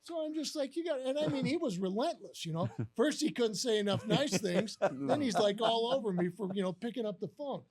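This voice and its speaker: A man's voice: very high voice, brisk, few pauses. A man in his sixties, a guest on a live podcast, telling a long story and acting out the other voices with lots of "you know" and "uh". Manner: animated storyteller who acts out quoted voices with many fillers. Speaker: guest, former baseball catcher.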